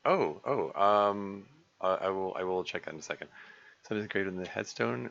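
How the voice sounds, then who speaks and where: A low-pitched man talks through his game stream in a loose, rambling way, stumbling over words and chuckling. His voice has a bright, forward edge. The recording sounds a little dull. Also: creaky. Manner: rambling, halting, many fillers and restarts, chuckling. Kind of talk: casual let's-play commentary.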